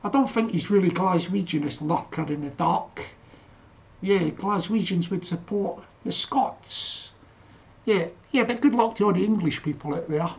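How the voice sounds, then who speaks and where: A man's voice: high-pitched, a little slow, vocal fry, darkish tone. An older man hosting a casual livestream, laughing often and calling himself by name in the third person. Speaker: livestream host.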